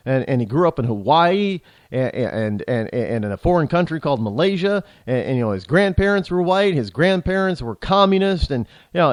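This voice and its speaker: A man hosts a talk show and delivers a political commentary monologue. His voice sits high and swings widely as he rambles indignantly, stumbling over restarts and repeated words. The sound is dry, with no room echo.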